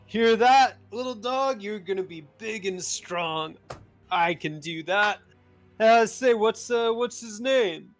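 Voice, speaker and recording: A man's voice: high voice, takes it slowly, faint music behind, pitched above the performer's own voice. A man voicing Rayvald, a big, tall, jovial man with a hearty, barrel-chested laugh.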